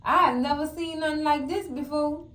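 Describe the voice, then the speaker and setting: Woman recap host, high voice, fiery, chatty, echoey room. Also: moderate pace. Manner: animated, exclamatory, addresses viewers as cousins. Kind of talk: casual TV recap commentary.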